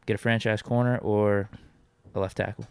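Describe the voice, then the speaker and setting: A man's voice: on the low side, little pitch movement, moderate pace, vocal fry, smooth, no echo. A man co-hosting a casual sports podcast, laid-back as he reads out viewer comments and teases his co-host.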